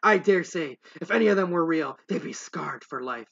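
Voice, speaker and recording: A prim, self-righteous female pony on a moral crusade, read aloud by a man. She sounds haughty and dramatic, with a bright, edgy tone and a slightly raised pitch. The recording is dull and lo-fi, like a cheap home mic. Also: lively intonation, moderate pace, gravelly, husky, exaggerated voice. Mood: prim, indignant.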